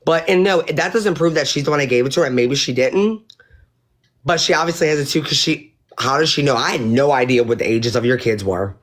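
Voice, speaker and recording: A woman's voice: very deep voice, brisk. Woman livestreamer; indignant, sweary, rambling rant to her audience. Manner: indignant, profane, rambling with restarts. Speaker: livestreamer addressing viewers.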